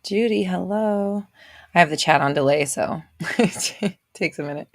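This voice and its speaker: A woman's voice: lowish voice, unhurried, dry recording, studio quality. A woman hosting a livestream, chatting casually with viewers, reading out their names and laughing often. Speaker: host of a livestream show. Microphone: visible desk microphone on an arm.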